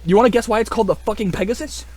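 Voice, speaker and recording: A young man rambling excitedly in casual video commentary, swearing a lot and full of fillers. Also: high voice, very fast, soft background music. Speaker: video creator.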